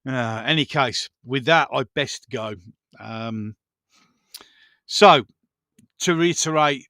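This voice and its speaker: A man's voice: mid-range voice, slow, bright, forceful tone, no room sound, studio quality. A man in his fifties with a Brummie accent, hosting a frank, rambling casual chat with his viewers. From Birmingham, England. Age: 50s. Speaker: channel host. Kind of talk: casual live-stream chat.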